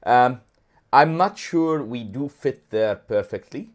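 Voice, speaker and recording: A man with a mid-pitched voice co-hosting a casual livestream. He talks in an animated, rambling way, restarting his sentences often. He speaks around a throat lozenge in his mouth. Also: slow pace. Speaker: co-host.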